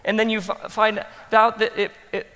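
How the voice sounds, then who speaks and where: A man's voice: high voice, moderate pace, clear, resonant tone. Preacher guy telling stories to a crowd, acts out his thoughts, big echoey hall. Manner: animated, acts out his own thoughts, drops to soft asides. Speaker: pastor. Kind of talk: talk to pastors, animated storytelling.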